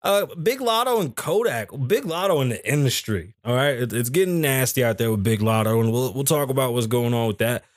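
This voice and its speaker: This podcast host talks fairly quickly with few pauses, his medium-pitched voice animated and free of echo. Live from a small studio, he chats loosely into the mic, joking, cursing and wandering across topics.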